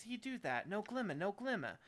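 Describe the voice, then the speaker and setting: A woman's voice: mid-range voice, sing-song, brisk, voice pushed up, close to an everyday voice. A woman voicing a mumbling, sing-song old woman who picks at corpses and talks to herself, reading game dialogue aloud. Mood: muttering.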